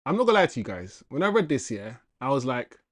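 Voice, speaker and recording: A young man hosting a casual football livestream, reading viewer comments with slangy, animated chatter and laughter. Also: medium pitch, fast talker, dry recording.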